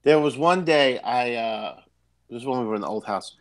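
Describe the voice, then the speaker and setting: A man's voice: medium pitch, lively intonation, normal speed. A man with a New York accent co-hosting a podcast, agreeing readily and telling stories with many fillers. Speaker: podcast co-host. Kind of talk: casual chat.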